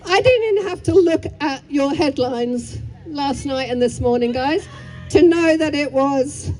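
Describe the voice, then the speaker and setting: High-voiced woman at a rally. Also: a little slow, darkish tone, soft background music. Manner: rambling, heated, apologetic asides. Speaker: rally speaker. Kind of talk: impassioned rally speech and chanting. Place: outdoor street rally.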